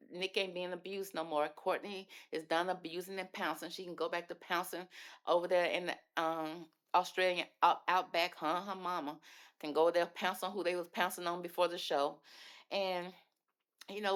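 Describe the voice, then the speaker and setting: A woman hosting a casual reality TV recap, chatty and gossipy, calling listeners "baby" and acting out the people she discusses. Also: on the low side. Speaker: reality TV commentary host.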